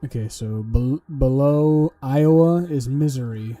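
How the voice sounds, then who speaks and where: A man's voice: mid-range voice, steady tone, measured pace, mellow, faint music behind. A man streaming while he studies, talking to himself casually, swearing and making up silly memory tricks. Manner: muttering to himself, swearing, joking mnemonics. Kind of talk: casual livestream study talk.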